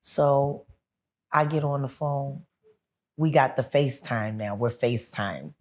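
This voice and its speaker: A woman with a strikingly deep, low voice talks as a guest in a casual sit-down chat. She tells her stories with animation and slips into the voices of the people she's quoting. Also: unhurried. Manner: animated storyteller who acts out the people she quotes. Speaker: interview guest.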